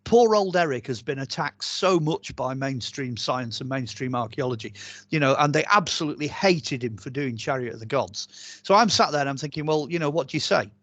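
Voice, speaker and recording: A man from the UK, an archaeologist and author telling stories as a guest in a casual interview, chatty and animated, rambling with many fillers and restarts. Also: medium pitch, fairly quick, dry recording.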